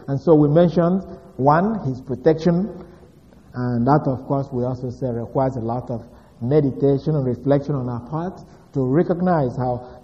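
A male preacher reviewing last week's lesson, pausing on fillers and then pressing hard on single words. His voice carries a long hall reverb, and the recording sounds dull and muffled. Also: on the high side. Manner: deliberate, many "uh" fillers, rises to stress key words. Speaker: pastor. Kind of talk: sermon recap.

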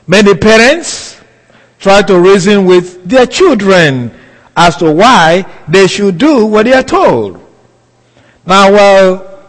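A man giving a sermon in a slow, deliberate, emphatic way. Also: high-pitched, in a large hall, poor audio. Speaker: preacher.

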